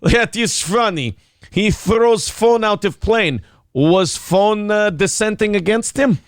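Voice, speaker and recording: Gravelly mock-Russian strongman, cocky broken English, as a morning radio host puts it on; dry and close. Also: high voice, slow, no echo, voice pushed up. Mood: menacing. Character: gruff boastful Russian strongman leader, adult man.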